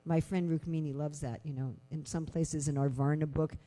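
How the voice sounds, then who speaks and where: Woman lecturer, scripture class, chatty with lots of "you know", warm mellow tone. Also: low voice, moderate pace. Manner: conversational, many "you know" fillers; animated storytelling with rhetorical questions.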